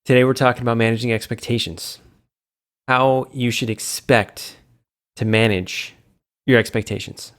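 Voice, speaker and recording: A man's voice: steady tone, moderate pace, pauses often. A man hosting a casual solo video chat for a game community, rambling and correcting himself, playful with made-up words. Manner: acts out fans' reactions with sudden pitch jumps.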